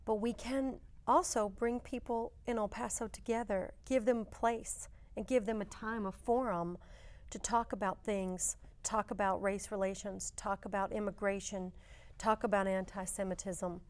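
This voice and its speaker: Casting: woman museum representative, composed interview guest, speaks in measured lists. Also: mid-range voice, fairly even intonation. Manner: measured, list-like phrasing. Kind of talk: interview answers.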